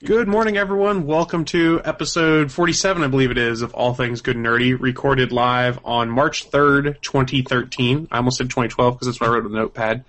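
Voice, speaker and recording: A man's voice: medium pitch, fairly even intonation, fairly quick, few pauses, a bit bright. A man hosting a casual podcast over webcam microphones, chatty and upbeat, laughing between lines. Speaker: host.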